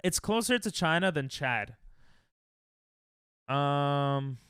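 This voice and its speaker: A man's voice: a little high, animated, takes it slowly, fairly bright tone, clear, resonant tone, no echo, clean studio sound. A young American man streaming a geography guessing game, thinking aloud and trash-talking his chat. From United States. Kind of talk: casual live-stream chatter while playing.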